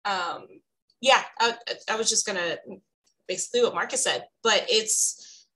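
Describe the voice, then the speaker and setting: A woman's voice: medium pitch, measured pace, sharp tone, low-quality recording. A woman co-hosting a panel on a video call, talking earnestly and animatedly, often restarting her sentences. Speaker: co-host of a panel discussion.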